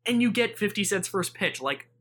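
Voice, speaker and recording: A man's voice: sits high, lively intonation, moderate pace, fairly bright tone, slightly rough. Male podcast co-host, casual sports banter, playful storyteller who plays up mock analysis.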